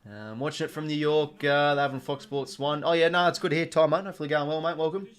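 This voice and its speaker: A man's voice: a little high, steady tone, fast, smooth. Chatty Australian man streaming live. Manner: chatty, many fillers, reads and answers viewer chat. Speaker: streamer hosting a live watch-along. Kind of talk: casual live-stream chat.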